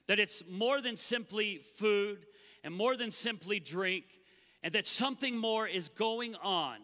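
Pastor, male, high and very bright voice, animated sermon, church hall reverb. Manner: animated, acts out the Bible voices. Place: church sanctuary.

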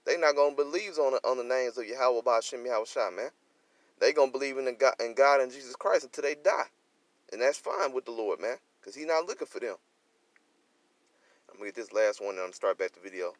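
Dry-voiced man preaching with loud emphasis. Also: fast, dry recording. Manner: low mutter that rises to loud emphatic scripture reading. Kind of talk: preaching commentary over a video.

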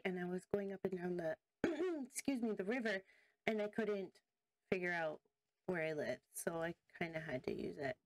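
A woman hosting a casual let's-play video, chatting to viewers and to in-game creatures as she thinks aloud and gets easily excited. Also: mid-range voice. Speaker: gaming video host.

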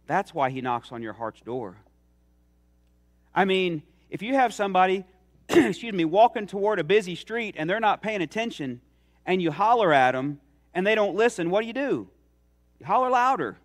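A man's voice: high voice, animated, moderate pace. A middle-aged man preaching a sermon in a church, telling stories with rising emphasis. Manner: earnest, storytelling with rising emphasis. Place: church sanctuary.

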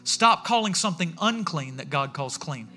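A man's voice: fairly high pitch, lively intonation, normal speed, over music. A man, a pastor giving a sermon in a conversational, storytelling way, acting out the voices he quotes. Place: church sanctuary.

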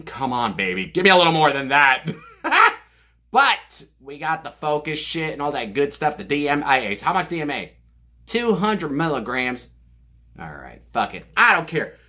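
A young man reviewing a fitness supplement in a brash, profane, hyper way, out of breath and hot, joking and shouting often. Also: on the high side, sing-song, moderate pace. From New Jersey. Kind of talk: loud joking product review vlog. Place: basement room.

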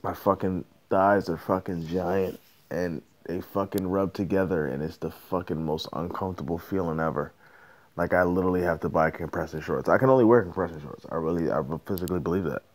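Low-voiced male podcast host, profane, rambling solo rant. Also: brisk, darkish tone.

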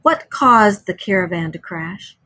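A woman teacher reads a story aloud to children with plenty of expression. She then pauses to explain it and ask questions. Her voice has a slightly husky edge. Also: mid-range voice, animated, sharp tone. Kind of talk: reading a story aloud to a class.

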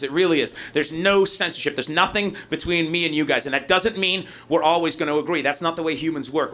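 A male stand-up comedian on a live stage, talking fast and swearing a lot, with shouted punchlines. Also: fairly high pitch.

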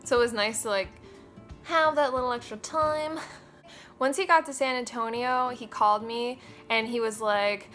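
A woman's voice: a little high, moderate pace, fairly bright tone, faint music behind. Chatty young woman, casual vlog voice. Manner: chatty, with many fillers and quoted asides; candid and swears casually. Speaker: vlogger. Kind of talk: casual chat.

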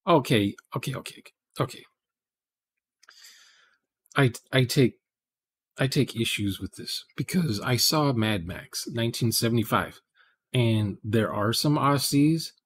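A man's voice: medium pitch, animated, measured pace, slightly rough. A man, casually chatting with viewers during a live programming stream, rambling and thinking aloud.

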